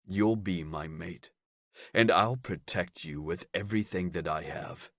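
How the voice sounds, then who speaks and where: Man voicing a possessive werewolf man, very deep, hushed, slow and soothing, dry sound, audiobook. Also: no room sound.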